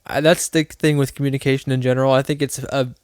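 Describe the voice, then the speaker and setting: A man's voice: medium pitch, level tone, quick pace, darkish tone, clean tone, no room sound, studio quality. A man co-hosting a podcast, thinking aloud in a loose, rambling way with many restarts. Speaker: podcast co-host. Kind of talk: casual chat.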